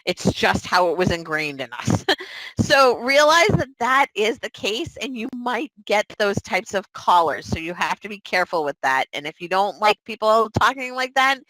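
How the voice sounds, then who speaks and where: A woman's voice: medium pitch, normal speed, no room sound, low-quality recording. A young woman from the area, chatting through a recruiting webinar and acting out sample customer calls. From Boston area. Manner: chatty, animated, acts out sample calls in different voices. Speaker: webinar presenter.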